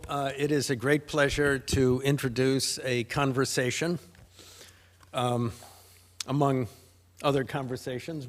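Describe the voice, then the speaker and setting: A man hosting an event, introducing the next speakers in a measured, halting way with fillers. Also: medium pitch. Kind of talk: formal introduction. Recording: long hall reverb.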